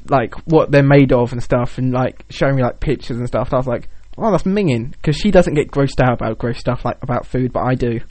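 A man's voice: medium pitch, fairly quick, few pauses, darkish tone, no room sound. A young man co-hosting a podcast in casual chat, rambling and joking with many filler words. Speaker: podcast co-host.

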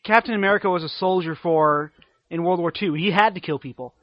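A man co-hosting a casual podcast, joking and bantering quickly. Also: sits high, no room sound, muffled recording. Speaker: podcast co-host.

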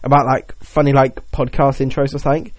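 A man co-hosting a podcast, chatting casually, rambling through silly ideas with quick jokes. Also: medium pitch, level tone, no room sound. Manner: joking, rambling, jumps into silly put-on voices. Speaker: podcast co-host. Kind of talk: casual chat.

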